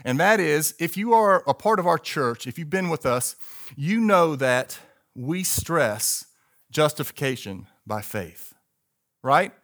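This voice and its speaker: Emphatic preaching man, slightly high voice. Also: animated, takes it slowly, fairly bright tone. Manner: emphatic preaching with call-and-response to the congregation. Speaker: pastor. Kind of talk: sermon.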